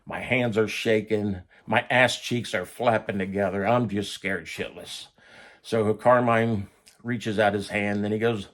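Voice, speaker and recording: A man's voice: fairly low pitch, fairly even intonation, measured pace, fairly bright tone. A man casually telling a story about his own past, blunt and profane in a conversational way.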